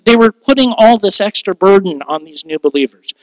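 A man's voice: high-pitched, animated, a little fast, few pauses, dry recording, rough recording. A man, a pastor, preaching a sermon in a conversational way, asking rhetorical questions and laughing at his own asides.

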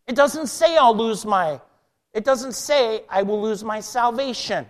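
A male pastor preaching a passionate sermon, swinging between loud emphatic lines and quiet, low ones. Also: lively intonation, measured pace.

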